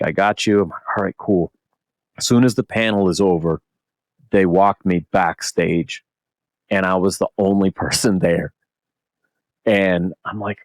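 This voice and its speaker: A middle-aged man, a podcast host, telling a long convention story in casual chat, animated and swearing often. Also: on the low side, dry recording, studio quality.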